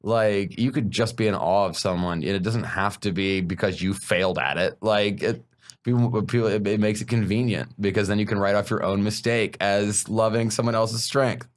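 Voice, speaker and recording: A man's voice: on the low side, steady tone, moderate pace. A man, a stand-up comedian, talking frankly and bluntly in a casual podcast conversation, swearing freely.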